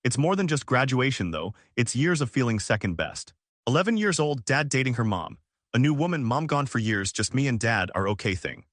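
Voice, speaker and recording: A male narrator reads a first-person story in short, clipped fragments. His pitch swings a lot, and the recording is dry and close. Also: sing-song, fairly quick, fairly bright tone, no room sound. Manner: clipped, fragmentary phrasing, dramatic.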